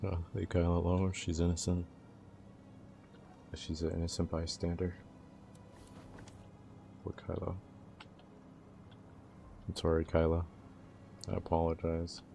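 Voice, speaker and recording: A young man hosting a casual livestream, his voice low and gravelly with a dark, mellow tone. He teases his chat in a relaxed, playful way and laughs easily, while a faint hiss sits behind him. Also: measured pace, long pauses. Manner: teasing, laid-back banter with chat, laughs often.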